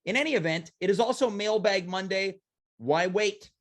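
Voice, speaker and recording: A man's voice: high voice, moderate pace. Guy hosting a goofy talk show, hammy and self-roasting, big showman energy. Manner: playful, self-mocking, boastful showman. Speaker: host.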